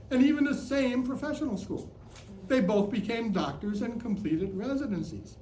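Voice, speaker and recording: A man's voice: high-pitched, darkish tone, slight background noise. A man in his seventies from Chicago, telling a playful personal story on stage in a theatrical way. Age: 70s. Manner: playful, theatrical, mock sports announcing. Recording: roomy theater sound, distant mic, faint ambience.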